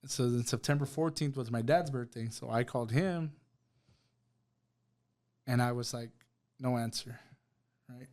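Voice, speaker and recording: A man's voice: medium pitch, darkish tone. A man, a podcast guest telling a personal story in casual conversation, often asking "right?" and saying "bro". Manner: conversational, retells with quoted dialogue, fillers like "right?" and "bro".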